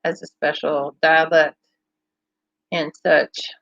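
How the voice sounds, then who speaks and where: A woman's voice: deep voice, level tone, takes it slowly, vocal fry, fairly bright tone, dry recording, lo-fi sound. A woman from Kentucky with a mild Southern accent, hosting a casual livestream and chatting playfully while reading out viewer comments. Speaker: livestream host.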